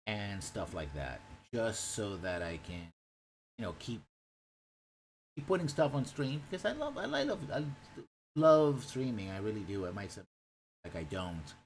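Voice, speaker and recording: A man's voice: low-pitched, big pitch swings, a little slow, a little hiss or hum, rough recording. A man from Puerto Rico chatting casually on a live stream, rambling and swearing freely. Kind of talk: casual chat.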